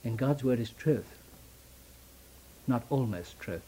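A man preaching a sermon, asking rhetorical questions and answering them in short, repeated phrases, rising to loud emphasis and then dropping to hushed, slow lines. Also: mid-range voice, animated, slight background noise, rough recording. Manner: slow deliberate stresses on key phrases.

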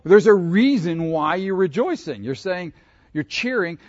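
A man's voice: high-pitched, animated, measured pace, no room sound, lo-fi sound. A man preaching a sermon, asking his congregation questions and laughing between his points. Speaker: pastor. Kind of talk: interactive sermon.

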